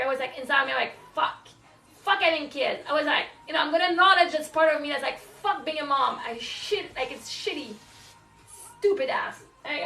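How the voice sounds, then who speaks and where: A woman's voice: high voice, vocal fry, sharp tone, reverberant, distant mic. A woman venting candidly about motherhood in casual live-stream chat while folding laundry at home, swearing and laughing often. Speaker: live streamer, single mom.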